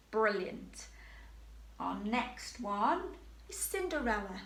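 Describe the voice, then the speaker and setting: A woman leading a drama workshop, introducing pantomime characters and their call-and-response phrases in a clear, playful way. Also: mid-range voice, a little slow, bright, forceful tone. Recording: echoey room.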